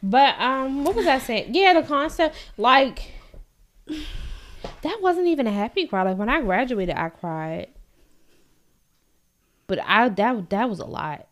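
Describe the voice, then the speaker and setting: A young woman in casual chat, relaxed and profane, with many fillers. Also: fairly high pitch, a little slow, long pauses.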